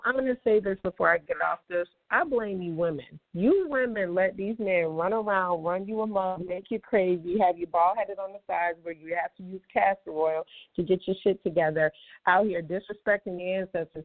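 A woman's voice: lowish voice, no room sound. A woman hosting a casual monologue, talking bluntly and heatedly, with some rambling. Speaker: show host. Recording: tinny phone-like, dry sound.

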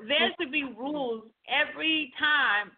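A woman's voice: sits high, a little slow. A woman hosting a casual podcast chat, talking in a blunt, incredulous, teasing way. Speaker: show host. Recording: tinny phone-like sound.

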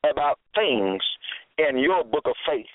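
A man delivers a sermon in an unhurried, deliberate way, pressing and scolding his listeners and returning to the same phrases again and again. His fairly high voice rises and falls with real animation. It comes through a narrow, phone-like line with a dry, close sound. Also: sing-song, no echo. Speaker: preacher.

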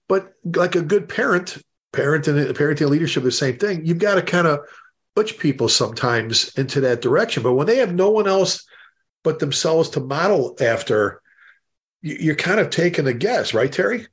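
Man, animated storyteller, emphatic, somewhat high-pitched, video call chat. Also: moderate pace. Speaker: host and fire service instructor. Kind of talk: casual panel discussion.

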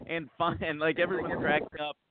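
A man hosting a podcast tells a long, casual story in a slightly high voice, keeping a level tone and a somewhat fast pace. He rambles, restarts often, and acts out quotes. The background is noisy, and the sound is dry and tinny, like a phone.

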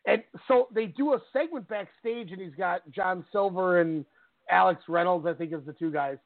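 High-voiced man on a tinny line. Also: normal speed, no room sound. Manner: animated storytelling, often laughs. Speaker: podcast co-host. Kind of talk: casual chat about wrestling. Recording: tinny phone-like line, dry.

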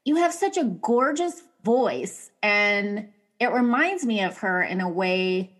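A woman's voice: medium pitch, expressive, takes it slowly, a bit bright. A woman hosting a podcast, talking in an effusive, enthusiastic way as she opens the show and interviews a guest. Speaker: podcast host.

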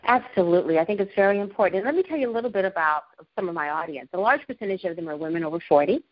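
A woman's voice: fairly low pitch, animated, very fast. Enthusiastic woman show host. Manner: enthusiastic, with hesitant restarts. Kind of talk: interview. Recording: dull lo-fi audio.

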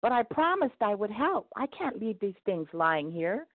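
A woman's voice: medium pitch, very animated, normal speed, dry recording, voice pushed up. A woman voicing an earnest, emotional man hauling a heavy wagon in a storybook tale, pleading as he talks. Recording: tinny phone-like dry sound.

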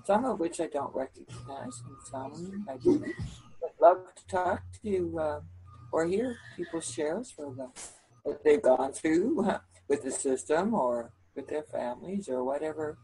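A woman's voice: low-pitched, expressive, unhurried, dark tone, breathy edge, rough recording. A woman hosting a call-in show, inviting listeners to share their stories. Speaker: host.

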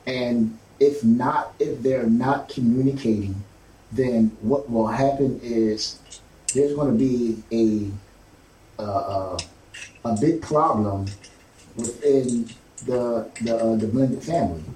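A man hosting a casual talk show, speaking haltingly with many fillers and restarts. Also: medium pitch, warm tone. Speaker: host. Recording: roomy, distant mic, faint background noise.

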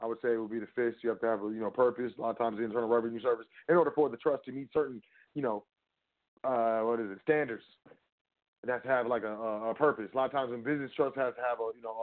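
A man's voice: mid-range voice, steady tone, fast. Man, casual rambling lecture, rhetorical questions, thin phone-quality audio. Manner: rambling, rhetorical, talks to the listener directly. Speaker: trust law educator.

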